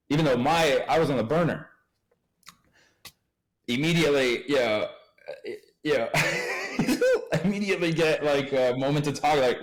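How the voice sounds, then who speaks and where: A man from Uruguay, a podcast guest, telling his business story in a casual, animated way and acting out the people he quotes. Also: mid-range voice, unhurried, long pauses, poor audio.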